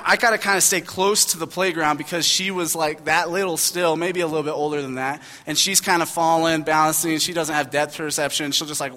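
High-voiced young pastor in a reverberant hall. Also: male voice, pushed and bright. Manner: casual, conversational storytelling with frequent fillers. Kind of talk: sermon. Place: church hall.

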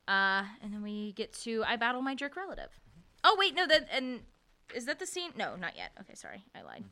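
A young woman co-hosting a casual book podcast, laughing often and acting out characters' lines in quick voices. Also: medium pitch, big pitch swings, bright, forceful tone, clean tone. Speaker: podcast co-host.

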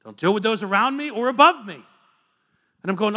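A man in his thirties preaching a sermon as a pastor, earnest and confessional, moving between hushed asides and fervent appeals. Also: sits high, lively intonation, fairly quick, pauses often.

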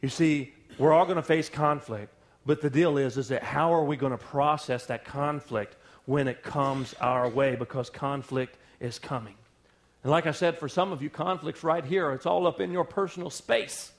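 A male pastor delivering a sermon, animated and calling on the congregation to respond. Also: on the high side, normal speed. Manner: animated, call-and-response preaching.

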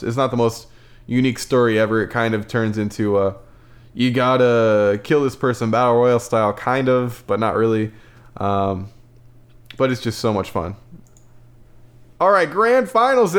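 A man giving a casual, enthusiastic film review, rambling and repeating words as he compares movies. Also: fairly low pitch.

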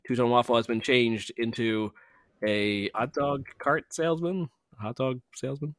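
A man's voice: medium pitch, moderate pace, a bit bright, no echo, studio quality. A man chatting casually while streaming an online game, joking around and explaining how the game works. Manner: playful, jokey, explains game mechanics. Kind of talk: casual gaming chat.

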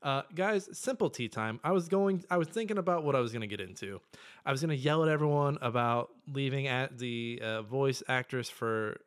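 A young man in a casual podcast chat, his voice sitting at an ordinary middle pitch. He rants profanely and excitably, working himself up into loud bursts before dropping back to an offhand mutter. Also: a little fast. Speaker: podcast co-host.

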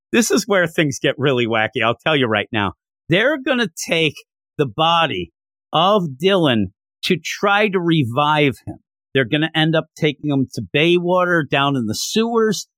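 Young male reviewer, chatty and excitable, higher voice, dry recording. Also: no echo. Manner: chatty, excitable, laughs often. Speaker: comic book reviewer. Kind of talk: casual recap commentary.

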